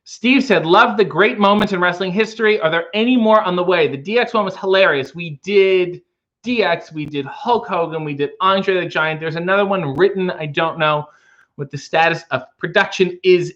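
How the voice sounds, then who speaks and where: A man hosting a casual livestream, reading viewer comments aloud and answering with wry, deadpan, rambling jokes. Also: high-pitched. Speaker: livestream host reading chat. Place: home, making coffee. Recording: lo-fi muffled stream audio.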